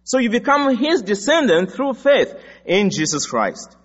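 A man from Africa delivers a sermon, moving between personal stories and firm, emphatic teaching. His voice sits a little high for a man. The recording is dull, with the long echo of a large hall. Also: sing-song, unhurried. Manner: storytelling, emphatic. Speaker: preacher.

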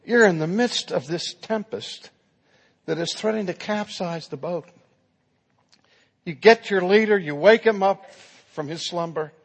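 A man's voice: sits high, a little slow, slightly rough, long reverb tail. A man preaching a sermon, telling the story dramatically and acting out the quotes.

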